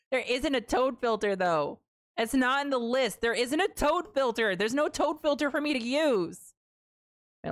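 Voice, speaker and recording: Irreverent woman streamer with lively pitch. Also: dry recording, studio quality. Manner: irreverent, swears freely. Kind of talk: let's play commentary, reading game dialogue aloud.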